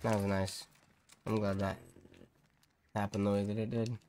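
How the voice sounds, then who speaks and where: A man streaming a shooter game, giving excitable, profane live commentary. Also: on the low side, moderate pace, slight background noise. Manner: excitable, swearing, reacting to the game.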